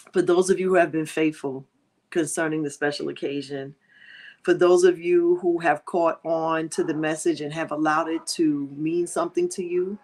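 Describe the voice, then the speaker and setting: Grieving woman speaking softly to viewers. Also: low-pitched. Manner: emotional, warm-hearted, prayerful, addressing viewers directly. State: grieving, near tears. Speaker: livestream host. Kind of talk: heartfelt livestream talk.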